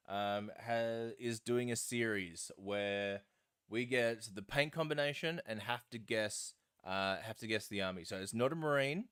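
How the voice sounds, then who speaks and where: A man's voice: lowish voice, moderate pace, a bit bright, clear, resonant tone. Rambling man chatting while painting. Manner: rambling, self-deprecating, full of fillers. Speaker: streamer. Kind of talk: casual live-stream chat while painting.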